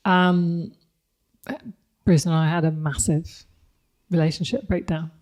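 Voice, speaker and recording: A woman's voice: deep voice, little pitch movement, slow pace, darkish tone. A woman, speaking candidly and reflectively as a podcast guest, laughing often. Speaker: guest, company CEO. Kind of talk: podcast interview conversation.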